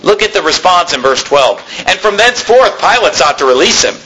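A man preaching a sermon, reading old scripture slowly and then explaining it in plain, casual talk. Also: high-pitched, big pitch swings, bright, forceful tone, poor audio.

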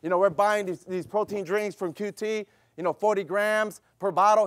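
A man's voice: sits high, steady tone, normal speed, hardly any pauses, no echo, studio quality. A middle-aged man preaching as pastor, emphatic and repetitive, calling for amens and telling a family story. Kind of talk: sermon with personal story.

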